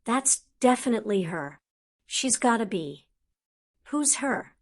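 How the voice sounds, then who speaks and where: A woman's voice: fairly high pitch, big pitch swings, slow pace, exaggerated voice. A woman reading an audiobook, voicing an urgent, insistent teenage boy wizard.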